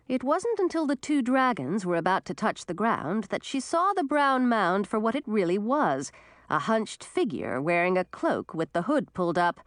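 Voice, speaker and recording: A woman reading a children's fantasy storybook aloud, with dramatic, expressive narration. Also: medium pitch, moderate pace, dry recording, studio quality.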